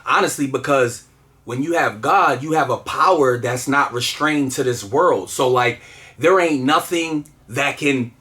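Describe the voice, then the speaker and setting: A man's voice: mid-range voice, measured pace, sharp tone. A man telling a personal story in casual, earnest conversation, with lots of fillers and restarts. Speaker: guest telling his story.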